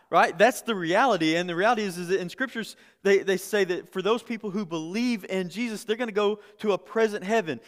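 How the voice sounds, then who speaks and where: Man preaching, conversational sermon, slightly high voice, long hall reverb. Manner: conversational, repeats words, builds to emphatic peaks. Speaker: pastor.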